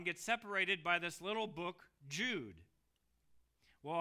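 A man preaching a sermon emphatically, dropping to hushed lines and rising to loud exclamations. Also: high voice, clean tone.

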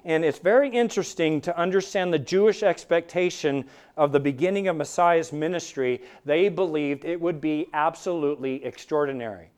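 A man's voice: on the high side, normal speed, darkish tone, smooth. A man preaching a sermon, with emphatic delivery that swells and drops for dramatic effect. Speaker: pastor.

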